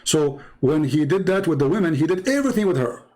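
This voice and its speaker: Debater, man, high voice, insistent and repetitive. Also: lively intonation, warm tone. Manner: insistent, repeats himself, reads Arabic text aloud quickly. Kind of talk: heated live debate.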